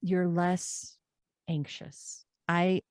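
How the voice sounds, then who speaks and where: Woman interview guest, low warm voice, earnest and encouraging, dry close mic. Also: flat delivery, no room sound. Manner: earnest, encouraging, drawn-out emphasis. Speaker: podcast guest. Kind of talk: conversational interview.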